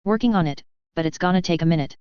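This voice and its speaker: A woman's voice: fairly low pitch, fast, clean tone, no echo, lightly acted. A woman voicing a weary female ship hacker with a dry, grim humor. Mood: wry. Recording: dry, slightly dull lo-fi recording.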